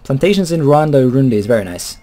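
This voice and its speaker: A man's voice: mid-range voice, animated, fast talker, dark tone. Chuckling man narrating gameplay. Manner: rambling, chuckling, swears casually. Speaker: let's play host. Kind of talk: casual gameplay commentary.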